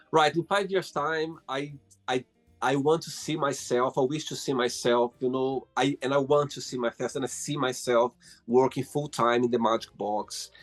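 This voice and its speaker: A man with a Brazilian accent, a native Portuguese speaker, hosting a casual video-call interview, enthusiastic and talkative, laughing often. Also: mid-range voice. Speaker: host.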